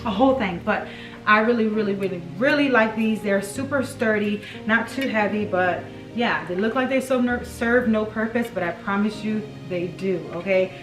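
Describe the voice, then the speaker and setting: A woman's voice: medium pitch, normal speed. A woman gushing over her decor finds in a casual, chatty haul vlog. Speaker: home decor vlogger. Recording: echoey room, mic at a distance, music behind.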